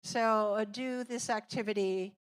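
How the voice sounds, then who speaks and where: A woman's voice: medium pitch, steady tone. A woman presenting a teacher training workshop in a classroom, explaining an activity step by step and walking through examples. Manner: slow, deliberate, explaining and demonstrating with examples.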